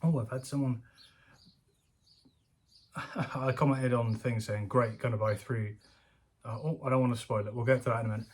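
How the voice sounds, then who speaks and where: A man's voice: medium pitch, fairly even intonation, brisk, pauses often, a little mellow. A man giving casual, jokey commentary from home as a YouTuber, rambling and laughing often. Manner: chatty, jokey, self-deprecating, laughs often. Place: home room.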